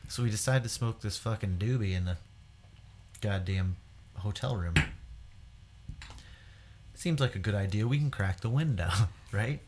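A man's voice: lowish voice, a little hiss or hum. Profane man telling a party story. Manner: profane, laughing, animated retelling. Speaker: podcast host. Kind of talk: casual storytelling.

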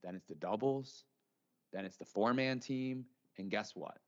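A man's voice: lowish voice, unhurried, dull audio. A man co-hosting a podcast in casual chat, telling stories and making his points with growing energy. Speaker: podcast co-host.

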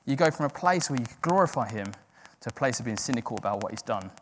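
A man's voice: mid-range voice, expressive, quick pace, a little hiss or hum. Man preaching in a reverberant hall. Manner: earnest, self-deprecating, acts out inner voices. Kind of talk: sermon.

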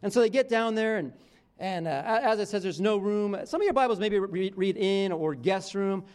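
A man preaching a sermon as pastor, talking casually with restarts, his phrases often dropping low and quiet at the end. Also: expressive, normal speed.

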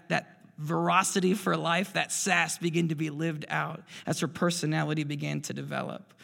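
Man, 30s, pastor, sermon, high-pitched, gravelly, animated storytelling, long hall reverb. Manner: animated storyteller, swings between loud bursts and quiet asides. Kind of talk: sermon with personal stories. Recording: preacher's voice ringing in a large reverberant hall.

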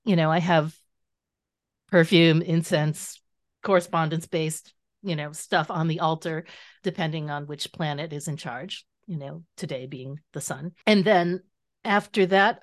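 Woman guest, lower register, dry close mic; animated explainer who laughs easily in casual interview. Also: no room sound. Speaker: guest author and tarot teacher.

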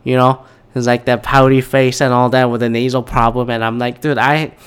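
A man's voice: medium pitch, monotone, fairly quick, clean tone. A man with a slightly nasal voice hosting a podcast, rambling casually and ranting with lots of swearing and restarts. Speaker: podcast host.

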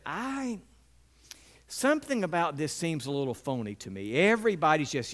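A middle-aged pastor preaches earnestly at a normal speed. He sometimes voices biblical characters with a lively pitch and drops low and quiet for emphasis.

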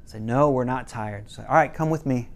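A middle-aged man teaching a parenting class, telling a story with quoted lines in a casual way. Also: normal speed. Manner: casual, quotes parents and kids in lowered voices, some restarts.

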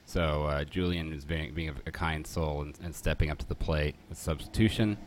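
Podcast host, man, Philly accent, very low voice, loose rambling jokey delivery. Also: fairly even intonation, normal speed, a little hiss or hum. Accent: Philadelphia. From Northeastern Philadelphia. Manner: rambling, self-correcting, jokey. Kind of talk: casual chat.

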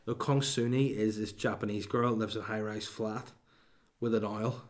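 A man's voice: on the low side, level tone, moderate pace. A man, hosting a comedy podcast in a rambling, sweary monologue with mock outrage and lots of restarts.

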